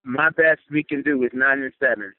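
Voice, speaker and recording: A man's voice: medium pitch, moderate pace, no echo. A man calling into a sports talk show, venting angrily and swearing about a loss. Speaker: caller. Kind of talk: angry fan rant over the phone. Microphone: phone. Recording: tinny phone line, dry.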